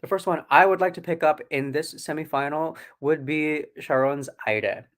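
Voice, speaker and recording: A man's voice: a little high, normal speed, a bit bright. A man from California co-hosting a casual livestream, enthusiastic, repeating himself and stammering into sentences. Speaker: co-host of a livestream. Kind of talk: casual chat.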